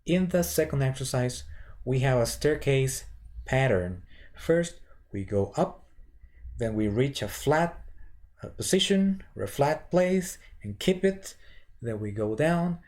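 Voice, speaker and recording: A man teaching voice warm-up exercises in a halting way, with many fillers and restarts, sometimes counting aloud. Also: medium pitch, animated. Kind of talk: instructional lecture with vocal demonstrations.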